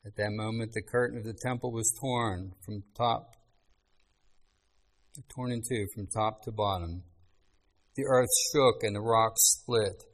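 A man preaching a sermon, reading scripture aloud in an earnest, measured way with pauses. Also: lowish voice, steady tone, poor audio.

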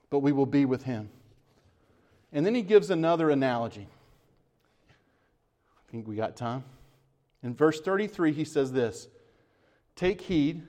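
A man's voice: fairly high pitch, darkish tone. A man preaching a sermon as pastor, earnest and emphatic with repeated phrases, then leading a closing prayer.

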